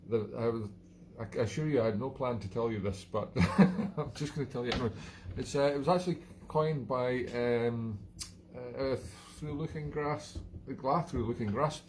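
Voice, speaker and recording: A man's voice: medium pitch, normal speed, a little mellow, a little hiss or hum. A Scottish man hosting his own live stream, chatting in a rambling, self-mocking way and often chuckling at himself. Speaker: live-stream show host. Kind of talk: casual live-stream chat.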